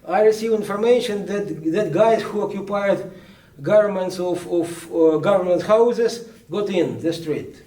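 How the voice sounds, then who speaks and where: A man, a journalist recounting events at a book presentation in a halting way, full of restarts. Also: high voice, warm tone. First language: Ukrainian. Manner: halting, many restarts and fillers. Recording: echoey room, speaker far from mic.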